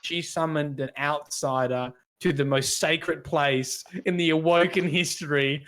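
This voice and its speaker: A man's voice: a little high, steady tone, unhurried, few pauses, fairly bright tone. A man with an Australian accent co-hosting a casual gaming podcast, rambling with lots of restarts and fillers. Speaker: podcast co-host.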